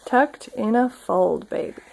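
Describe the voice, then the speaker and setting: A mother at home reading a picture book aloud to her toddler, gently coaxing and prompting the child along. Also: a little high, lively intonation, slow, vocal fry, a little hiss or hum, rough recording.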